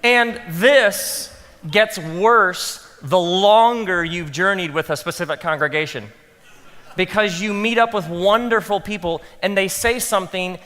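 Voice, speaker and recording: A man speaking as a pastor to a live audience, telling animated stories and acting out his own thoughts in soft asides. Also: high voice, long reverb tail. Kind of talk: talk to pastors, animated storytelling.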